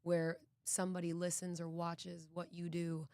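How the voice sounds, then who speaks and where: Low, flat-voiced woman, earnest guest. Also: normal speed, no echo, studio quality. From Boston, United States. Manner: earnest, reflective, with frequent restarts. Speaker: actress and executive producer, guest. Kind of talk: casual podcast interview.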